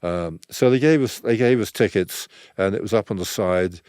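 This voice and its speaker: An older man, a photographer guesting on an interview, telling stories in a relaxed, rambling way and acting out the dialogue he quotes. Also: on the low side, normal speed, clean tone, no room sound, studio quality. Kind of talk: relaxed anecdotal storytelling.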